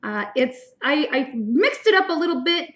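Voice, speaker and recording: Bubbly high-voiced woman hosting a stream. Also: animated, normal speed. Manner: bubbly and enthusiastic. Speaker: host. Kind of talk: casual livestream eating show chat.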